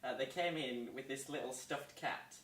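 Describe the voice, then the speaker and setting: A young man, a student guest on a talk show, telling animated anecdotes and laughing along. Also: mid-range voice, moderate pace, a little hiss or hum. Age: young adult. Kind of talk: casual storytelling on a talk show. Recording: roomy sound from a distant mic.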